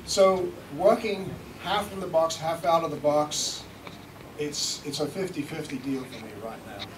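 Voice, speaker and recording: British man, live seminar demo, chatty, joking, slightly high voice, echoey room, far from mic, noisy. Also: measured pace. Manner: chatty, joking, swearing lightly. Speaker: seminar presenter, recording engineer.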